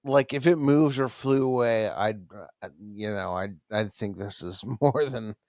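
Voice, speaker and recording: Male podcast co-host, gravelly, lively pitch, dry sound. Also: a little slow, no room sound. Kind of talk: casual chat.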